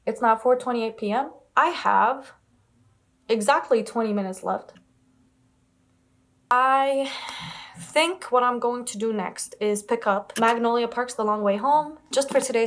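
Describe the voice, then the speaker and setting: In her casual book vlog, a young woman with a mid-range voice speaks to camera on the verge of tears. Her talk is rambling and emphatic, full of repetition and offhand swearing.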